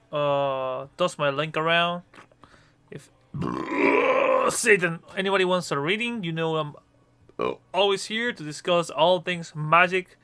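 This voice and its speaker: A man's voice: high-pitched, pushed and bright, clear, resonant tone. A man from Chile streaming live as a tarot reader, chatting casually with viewers in a scattered, intense way while juggling several things at once. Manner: intense, scattered, talks to chat while multitasking.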